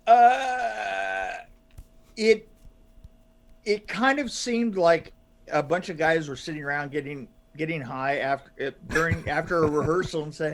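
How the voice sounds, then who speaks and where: A man co-hosting a podcast in casual chat, halting with many fillers and restarts and laughing often. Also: on the high side. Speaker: podcast co-host.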